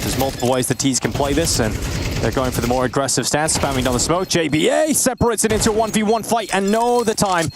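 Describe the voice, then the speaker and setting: A man commentating esports play-by-play on a headset, jumping up in pitch and volume on big plays, with game gunfire mixed under his voice. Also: background noise. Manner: rises sharply in pitch and gets loud on big plays. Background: in-game gunfire and clicks.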